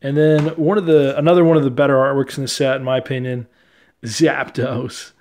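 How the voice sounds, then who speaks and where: A young man casually talking through his trading card collection, relaxed and chatty, often laughing and using fillers. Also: mid-range voice, brisk. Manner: relaxed, chatty, easily amused, many fillers.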